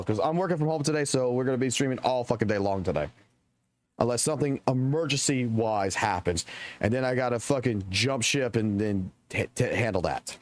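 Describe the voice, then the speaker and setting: A man's voice: mid-range voice, a little fast. Man, game streamer, casual rant, heavy swearing, emphatic repetition. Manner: profane, emphatic, repeats himself. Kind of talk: casual ranting to chat.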